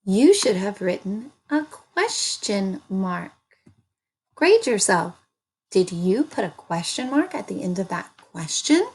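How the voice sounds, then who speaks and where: A woman teaching an early reading lesson, speaking slowly and sounding out words for young children. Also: mid-range voice, big pitch swings, a little mellow, slightly rough.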